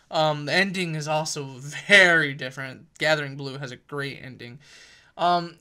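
A man's voice: fairly high pitch, bright, forceful tone. A young man giving a casual, rambling book review, often correcting himself mid-sentence with fillers like "um" and "kinda.".

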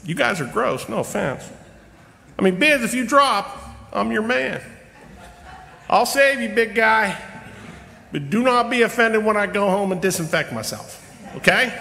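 A middle-aged man with a high, bright, forceful voice preaches a storytelling sermon, joking at his own expense and drawing out key words with slow pauses. His voice carries a long church-hall reverb. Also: vocal fry. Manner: humorous, self-deprecating, with slow emphatic pauses. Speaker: lay preacher. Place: church sanctuary.

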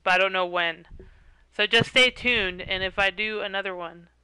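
A woman live streaming, chatting casually and laughing a lot as she talks loudly into her headset. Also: mid-range voice, normal speed, clear, resonant tone, dry recording, rough recording. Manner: giggly, chatty, says she talks loud. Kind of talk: casual gaming stream chat.

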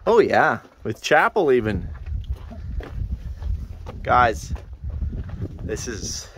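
A man's voice: medium pitch, big pitch swings, very slow, fairly bright tone, a little hiss or hum. A man filming a family hike outdoors, joking and laughing as he talks to the camera. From Canada. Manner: joking, playful, laughs often. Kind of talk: casual chat. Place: outdoors on a hiking trail.

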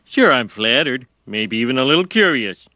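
An actor playing a prim, flustered male cartoon assistant who speaks in quick, earnest, polite lines. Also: mid-range voice, sing-song, pushed and bright, no echo.

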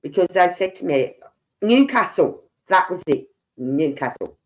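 A woman's voice: deep voice, moderate pace. Chatty Brummie woman telling stories. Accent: Birmingham. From Birmingham, England. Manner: chatty storyteller who acts out quoted voices. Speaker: livestream host. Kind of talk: casual chat to a live audience. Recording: dull lo-fi stream audio.

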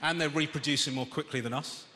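A British man doing a stand-up routine, exasperated and ranting, his voice rising to shouts. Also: a little high, fairly even intonation, quick pace. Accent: British English. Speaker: stand-up comedian. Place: large theatre stage with audience laughter. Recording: echoey theatre hall, audience noise.

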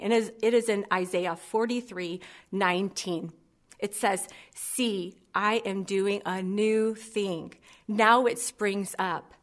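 A woman in her thirties giving a heartfelt, personal sermon. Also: medium pitch. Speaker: preacher.

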